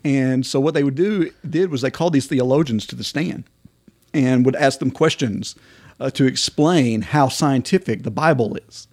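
A man's voice: medium pitch, moderate pace, a little mellow, dry recording, clean studio sound. A man co-hosting a casual podcast, talking in a rambling way with lots of fillers and restarts. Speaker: podcast co-host.

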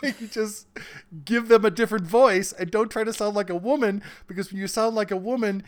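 A man in his forties, an author talking as a guest in a casual interview, animated and quick to laugh. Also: high-pitched. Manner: animated storyteller, bursts of laughter.

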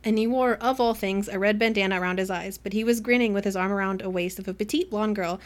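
A woman co-hosting a casual book club podcast, retelling scenes in an animated way and acting out the characters' lines. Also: mid-range voice, quick pace. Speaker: podcast co-host.

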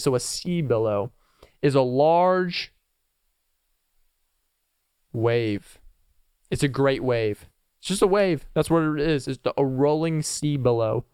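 A man's voice: medium pitch, clear, resonant tone, no echo, studio quality. A man hosting a casual solo podcast, rambling playfully and chuckling as he goes. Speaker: podcast host.

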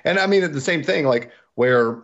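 A man's voice: a little high, animated, normal speed, fairly bright tone. A man guesting on a casual film review podcast, rambling through his theories with many likes and you-knows. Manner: rambling, filler-heavy theorizing. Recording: dull, muffled sound.

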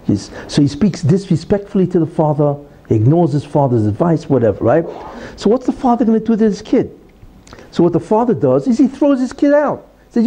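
A man with a very dark, mellow and husky voice teaches a Talmud lesson. His pitch sits slightly high and swings widely as he poses questions and answers them through stories. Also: fairly quick, low-quality recording. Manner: animated, questioning, explains with stories. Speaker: religious teacher.

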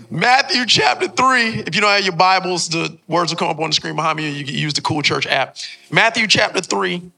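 A man's voice: high-pitched, a little fast, creaky, bright, forceful tone. A young man preaching a sermon as a pastor in a church, joking and trading call-and-response with the congregation. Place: church sanctuary before a congregation.

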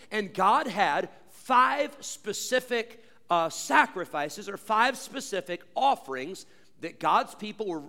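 Preacher guy with a high voice, emphatic, repeats himself, asks the crowd questions, goes loud then quiet. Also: gravelly, in a large hall. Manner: swings between loud drawn-out emphasis and low quiet asides. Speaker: pastor. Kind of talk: sermon.

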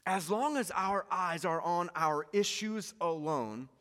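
A man's voice: high-pitched, takes it slowly, fairly bright tone. A male pastor preaching a sermon, telling stories with energy and repeating key lines for emphasis. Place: church hall. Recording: long reverb of a church hall.

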